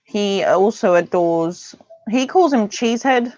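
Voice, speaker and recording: A woman's voice: mid-range voice, expressive, measured pace, a little mellow, dry recording. A woman talking as a parent in a casual interview, chatty and rambling, often acting out what others said. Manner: chatty, rambling, acts out quoted voices. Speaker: parent guest. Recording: dull dry lo-fi sound.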